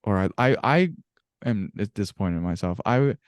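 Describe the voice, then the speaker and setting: A man co-hosting a casual sports podcast, animated and swearing freely as he tells stories. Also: on the low side, normal speed, smooth, no room sound, clean studio sound. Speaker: podcast co-host.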